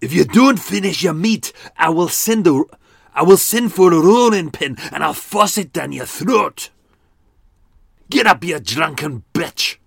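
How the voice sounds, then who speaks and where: A man's voice: on the high side, lively intonation, unhurried, fairly bright tone, dry recording, studio quality, voice pushed up, full character voice. A man voicing a violent, angry older Scottish husband in a harsh, guttural attempted Glaswegian accent. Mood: shouting. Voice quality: gruff, guttural.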